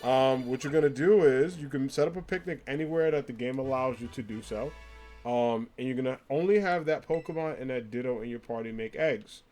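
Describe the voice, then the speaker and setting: A brisk, mid-range male voice with a slightly mellow quality belongs to a streamer chatting loosely with his viewers over a game. He reads comments aloud and responds, often laughing and leaning on fillers as he rambles. In the background, game music is faint.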